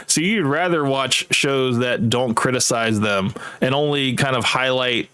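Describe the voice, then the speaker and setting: Guy defending his podcast, mid pitch, steady, says you know a lot. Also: a little slow, smooth. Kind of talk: heated debate.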